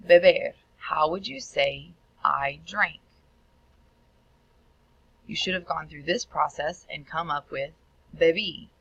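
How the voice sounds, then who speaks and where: Woman, Spanish teacher, video tutorial, gravelly, bright, dry slightly muffled recording. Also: sits low, slow, long pauses, slight background noise. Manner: clear instructional delivery, sounding out Spanish words.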